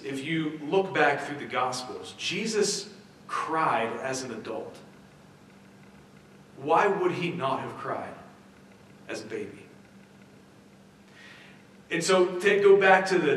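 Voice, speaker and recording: In a church sanctuary, a man preaches a conversational sermon, restarting often and posing rhetorical questions. His voice is a little high and a bit bright. The hall is very echoey, the mic far off, and there's slight background noise.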